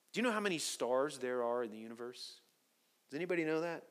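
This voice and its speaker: A man preaching a sermon to his church, telling stories with lively swings from quiet to loud. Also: mid-range voice, fast. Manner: animated storytelling, swings from soft to loud. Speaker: pastor.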